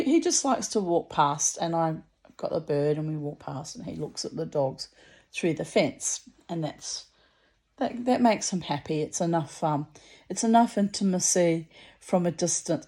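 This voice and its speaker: A woman's voice: low voice, warm tone. A middle-aged woman, casually telling a rambling story with many asides. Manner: rambling and chatty, full of asides. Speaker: vlogger.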